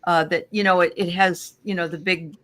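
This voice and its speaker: A woman's voice: lowish voice, steady tone, normal speed, a bit bright. A woman co-hosting a casual tarot chat over a video call, rambling and hesitant but friendly. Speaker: co-host.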